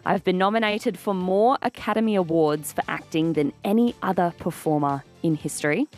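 A woman's voice: lowish voice, moderate pace, darkish tone, soft background music. An Australian woman hosting breakfast radio from a studio, chatty and playful, laughing easily as she talks. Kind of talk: casual radio chat. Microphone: studio microphone.

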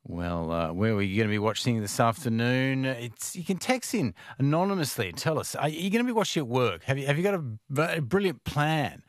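A man's voice: medium pitch, lively intonation, fairly quick, few pauses, no echo. An Australian man hosting breakfast radio in a studio, chatting casually, laughing easily and tripping over his words now and then. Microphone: studio microphone.

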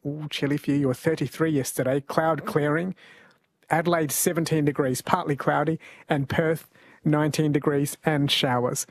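A man's voice: on the high side, fairly even intonation, normal speed, no echo. An Australian man hosting a radio quiz show, chatty and jokey, laughing often. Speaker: radio host. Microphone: studio mic.

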